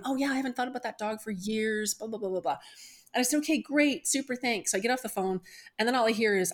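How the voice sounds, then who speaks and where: A middle-aged woman, a spiritual medium, earnestly and emotionally telling a personal story as a podcast guest. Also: medium pitch. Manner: earnest, emotional retelling with quoted voices.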